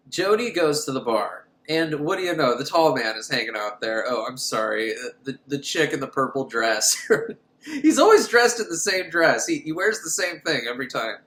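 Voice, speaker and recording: A man's voice: fairly high pitch, sing-song, moderate pace, a bit bright, echoey room. A man recapping a horror film in a crude, sarcastic way, laughing at his own jokes. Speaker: film reviewer. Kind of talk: casual comedic movie recap.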